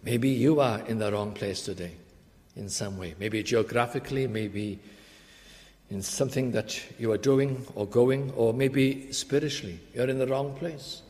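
Male preacher, mid pitch, earnest and emphatic, long church reverb. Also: darkish tone. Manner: earnest, emphatic, slows for key phrases. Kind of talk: sermon.

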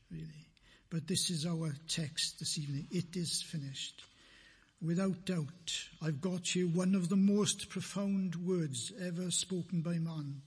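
A man preaching a sermon in a church, slow and deliberate, repeating phrases for emphasis, with a husky voice. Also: fairly high pitch, long reverb tail.

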